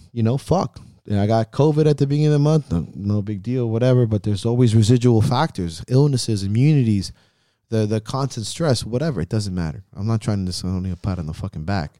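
A man's voice: medium pitch, dark tone, dry recording, studio quality. A man hosting a podcast, giving a heavily profane, intense motivational pep talk in a casual chat. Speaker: podcast host.

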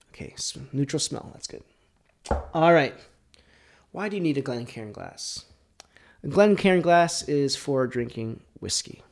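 A man's voice: medium pitch, creaky. A man hosting his own podcast, chatting casually through a whiskey tasting, rambling and correcting himself, often dropping into muttered near-whispers. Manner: drops to near-whispers between louder bursts. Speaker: podcast host.

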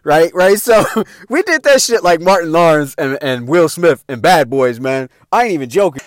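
Guy storytelling on a podcast, high lively voice, dry close mic. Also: moderate pace, no room sound. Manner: animated, profane, laughs often. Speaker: podcast host. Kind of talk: casual storytelling.

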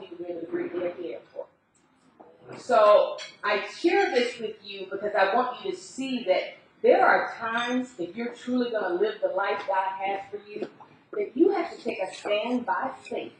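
A woman preacher telling a testimony in a sermon, acting out the people she quotes in lively storytelling. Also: medium pitch, slight background noise. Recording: very echoey hall, speaker far from the mic.

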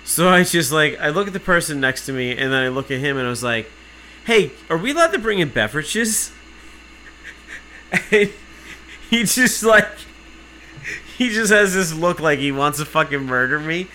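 A man's voice: on the high side, expressive, normal speed, bright, forceful tone, slight background noise. A man telling an angry, sarcastic story in casual chat, swearing freely. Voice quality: profane, sarcastic. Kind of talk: casual chat, ranting anecdote.

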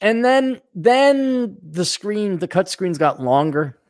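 Animated sarcastic man ranting on a podcast. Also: sits high, slow, no room sound, clean studio sound. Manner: sarcastic, mocks characters in put-on voices; swears, animated and indignant. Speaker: podcast host. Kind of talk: casual ranting monologue.

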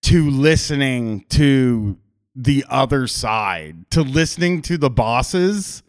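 A man's voice: mid-range voice, animated, takes it slowly. A man hosting a podcast, telling stories in a loose, rambling way with restarts and casual swearing. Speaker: podcast host.

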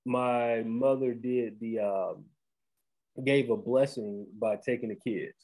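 Man, thirties, husky voice, podcast host, excitable, restarts sentences. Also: medium pitch, slow, low-quality recording. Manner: animated, restarts often, says "bro". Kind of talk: casual storytelling chat.

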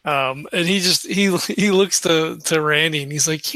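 A man playing a tabletop game, excitable and swearing as he acts out his character. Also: a little high, normal speed, no room sound. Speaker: player. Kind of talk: casual tabletop role-play chat.

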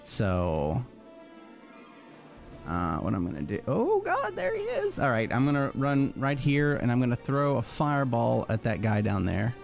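A man rambles through his turn in a tabletop game, working out rolls and spells as he goes. His pitch jumps around a lot, with faint music playing behind him. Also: lively intonation, a little slow, vocal fry. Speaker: player. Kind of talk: casual tabletop play.

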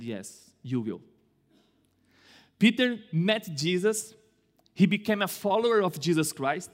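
A male pastor preaching a sermon in a church, slow and deliberate, with dramatic swings in pitch and loudness. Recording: echoey church hall.

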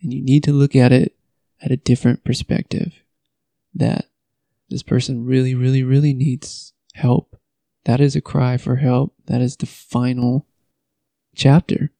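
A man speaking earnestly about personal experience in a halting, pleading way. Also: mid-range voice, little pitch movement, creaky, dark tone, no room sound.

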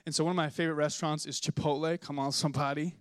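A young man preaching a sermon in a church, telling stories with animated acted-out voices and asking the congregation to respond. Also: fairly high pitch, racing, clear, resonant tone, no echo. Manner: animated storytelling, acts out voices in anecdotes. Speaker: pastor. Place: church sanctuary.

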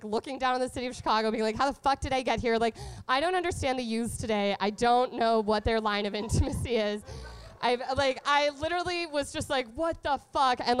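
A woman's voice: high-pitched, clear, resonant tone, no room sound. A young woman telling a candid, profane comedy story, full of "like" fillers. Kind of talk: stand-up storytelling.

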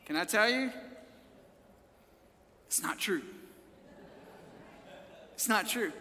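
A male pastor preaching a sermon at a church service, working the crowd with call-and-response, repeated phrases and rising shouts. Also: high-pitched, lively intonation, takes it slowly, long reverb tail.

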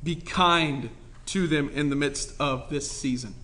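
A man's voice: a little high, a little slow, bright, forceful tone. A young man preaching a sermon in a passionate, conversational way, joking with the room and repeating points for emphasis. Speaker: pastor.

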